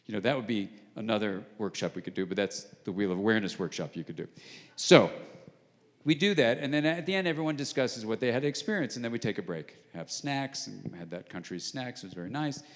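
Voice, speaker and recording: A man giving a public lecture, explaining ideas in a conversational way and acting out bits of dialogue, sometimes dropping to a hush. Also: fairly low pitch, fast talker. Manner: conversational, acts out dialogue, drops to hushed tones for emphasis. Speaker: guest lecturer. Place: large arts center auditorium. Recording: long reverb of a large hall. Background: live audience.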